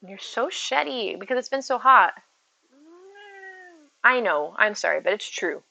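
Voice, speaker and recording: Woman streamer, bright tone, easy casual chatter aimed at viewers. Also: mid-range voice, animated, unhurried, gravelly, poor audio. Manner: chatty, reads out and answers viewer messages. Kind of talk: casual live-stream chat. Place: at home with her cats.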